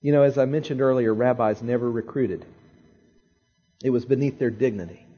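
A man preaches, retelling a story with lively pauses and phrases he repeats for effect. His voice is husky and a little breathy at a middle pitch. The recording sounds slightly dull and lo-fi. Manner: animated storyteller, dramatic pauses and repetitions. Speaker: pastor. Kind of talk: sermon storytelling.

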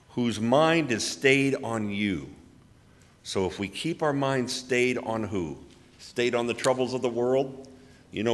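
A man giving church announcements and a sermon, chatty and folksy. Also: medium pitch. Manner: folksy, chatty, tells anecdotes with acted quotes. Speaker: literature ministry speaker. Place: church hall. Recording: long hall reverb.

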